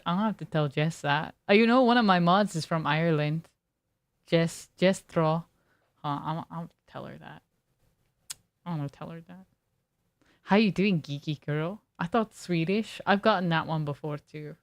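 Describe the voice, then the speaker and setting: A woman's voice: on the low side, moderate pace. A woman streamer chatting casually with her viewers, reading chat aloud and riffing on it in a laid-back way.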